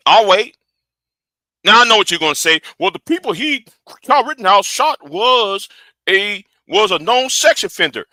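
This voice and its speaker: Male live-stream host, high lively voice, very bright, excitable and repetitive, dry close sound. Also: normal speed, no echo. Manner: excitable, repeats words while building a point. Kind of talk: live stream reaction commentary.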